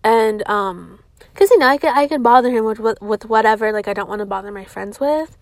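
A woman's voice: fairly high pitch, brisk, dry recording. A young woman vlogging, rambling through a confessional story with plenty of swearing and "like". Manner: rambling, profane, heavy use of "like".

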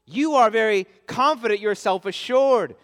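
A man's voice: high voice, normal speed, fairly bright tone. A pastor preaching an expository sermon, earnest and emphatic as he stresses his key points. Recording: long reverb of a large hall.

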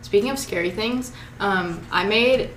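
Excitable young woman chatting, echoey room. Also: medium pitch, unhurried, a loud crowd. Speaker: podcast co-host. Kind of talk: casual chat. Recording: echoey room with faint noise.

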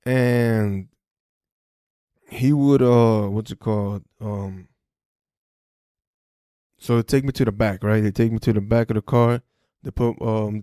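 A young man tells a story on his podcast in loose street slang, full of swearing and false starts. His voice is warm and mellow, and the close mic sounds dry with no room echo. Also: fairly low pitch. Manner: profane, street slang, frequent restarts. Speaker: podcast host. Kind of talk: casual first-person storytelling.

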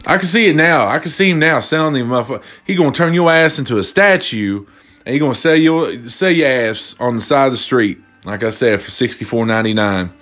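A man hosting a casual, comedic talk, reading out viewer submissions and reacting with loud, profane amusement. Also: medium pitch, fairly quick. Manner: animated, laughing, profane, cracks up. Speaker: host.

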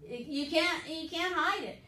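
A woman preacher in a fervent broadcast sermon with a high, bright-toned voice. She pleads with her listeners and leans on "listen" and "amen?". The sound is roomy and echoing, with her standing back from the microphone. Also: measured pace, far from the mic. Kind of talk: broadcast sermon and altar call.

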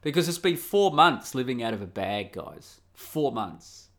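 A man's voice: mid-range voice, big pitch swings, a little slow, fairly bright tone. A middle-aged Australian man hosting a podcast, talking candidly in a rambling, casual way with restarts and swearing. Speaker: podcast host. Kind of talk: casual solo podcast monologue.

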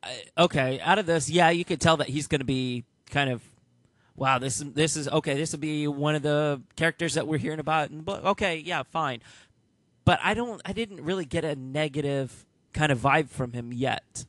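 Higher-voiced man in casual podcast chat. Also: normal speed, a bit bright, dry recording. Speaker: podcast co-host. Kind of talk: casual book discussion with read-aloud passages.

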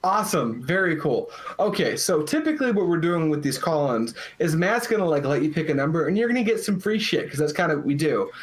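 A man's voice: a little high, very animated, brisk, hardly any pauses. A man co-hosting a podcast, openly drunk, rambling and swearing in casual chat. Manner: profane, rambling, boisterous. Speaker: podcast co-host.

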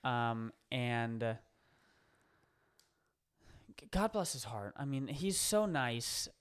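Smooth-voiced man telling a rambling story. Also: medium pitch, big pitch swings, takes it slowly. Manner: rambling storyteller, lots of fillers and restarts. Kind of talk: casual chat.

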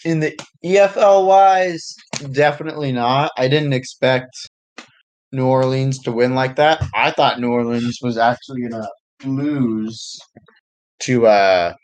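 Slow-talking hesitant young man. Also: medium pitch, poor audio. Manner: unhurried, hesitant, lots of ums and restarts. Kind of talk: casual chat about a fictional sports league.

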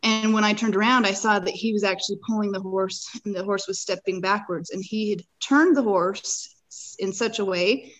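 A woman's voice: medium pitch, normal speed, hardly any pauses, rough recording. A woman guest on a podcast, recounting a personal experience in earnest, vivid detail. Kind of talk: personal storytelling in a conversation.

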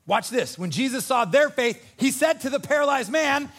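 A man preaching a sermon as pastor, animated and conversational, joking and acting out voices. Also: extremely high pitch, normal speed. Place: church.

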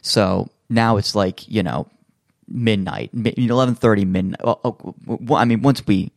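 Rambling, chatty man with a lower voice. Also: normal speed, creaky, no echo, studio quality. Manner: rambling storyteller, heavy on fillers and restarts; acts out quoted voices in his stories. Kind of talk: casual chat.

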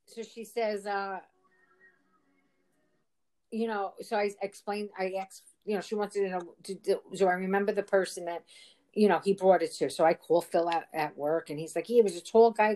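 A woman in casual chat tells a long, rambling story with exasperation. She keeps quoting back and forth what each person said. Her voice sits at a middle pitch. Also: steady tone, moderate pace, darkish tone. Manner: exasperated, rambling retelling with quoted dialogue.

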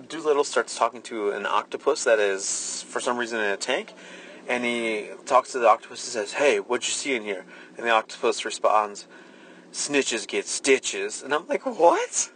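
A man's voice: medium pitch, fairly bright tone, a little hiss or hum, poor audio. Amused man recapping a movie plot. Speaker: podcast co-host. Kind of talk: casual movie review chat.

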